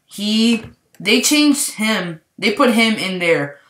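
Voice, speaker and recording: A man's voice: high-pitched, lively intonation, takes it slowly, fairly bright tone. Rambling young-sounding man in an echoey room. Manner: rambling, heavy use of "like". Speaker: movie reviewer. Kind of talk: casual spoiler review.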